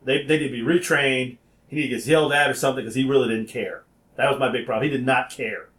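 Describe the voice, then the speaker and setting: A man telling a story in an animated way, acting out phone calls and sometimes rising to a shout. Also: medium pitch, fast talker, roomy sound.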